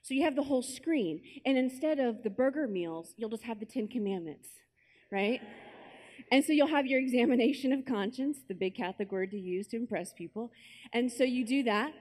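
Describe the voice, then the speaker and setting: Lively young woman telling a story. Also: on the high side, fairly quick. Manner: lively storytelling, acts out her own inner voice and quotes. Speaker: conference speaker. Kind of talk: personal testimony talk to a youth conference. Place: large conference hall with an audience.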